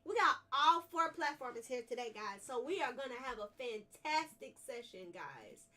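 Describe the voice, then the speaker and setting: A woman's voice: sits high, big pitch swings, moderate pace, pushed and bright, distant mic. A woman live-streaming a video game, chatting casually and bubbly, repeating her phrases as she greets viewers. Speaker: livestreamer.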